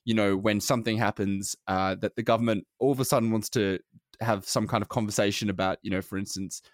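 A man's voice: lowish voice, fairly even intonation, a little fast, dry recording, studio quality. A man, co-hosting a podcast in casual chat, rambling with many fillers and restarts. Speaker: podcast co-host.

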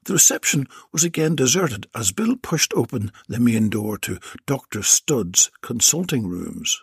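A man narrating a comic adult audiobook in a slow, drawn-out reading style on a close mic. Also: mid-range voice, sing-song, gravelly, husky, dry recording.

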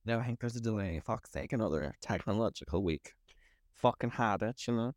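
A man's voice: fairly low pitch, expressive, a little fast, no room sound, clean studio sound. A man from Britain co-hosting a podcast, chatting casually and bluntly, swearing freely. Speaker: podcast co-host. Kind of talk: casual chat.

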